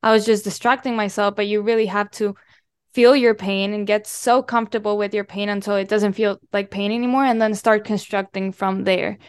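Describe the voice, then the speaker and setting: Smooth, even-toned young woman host. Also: mid-range voice, fairly quick, no room sound, clean studio sound. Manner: earnest, asks long multi-part questions. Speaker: podcast host. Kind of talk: casual interview chat.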